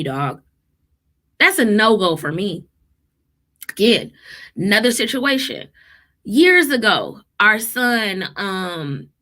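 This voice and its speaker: A woman in her thirties, a therapist and mother, telling parenting stories in a casual, emphatic vlog style. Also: mid-range voice. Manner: animated, emphatic, quotes people in lively voices.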